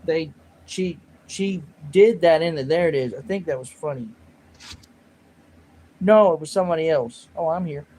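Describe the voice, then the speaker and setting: The host of this livestream rambles on, jokes at his own expense, and reads comments from the chat. His voice is a little high and a little mellow, moving at a moderate pace with long pauses, and the recording quality is low.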